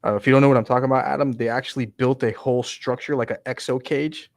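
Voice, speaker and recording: A man chatting casually on a livestream about building PCs and racing, excitable and talkative. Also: mid-range voice, fast talker, no echo. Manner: excitable, chatty, laughs often.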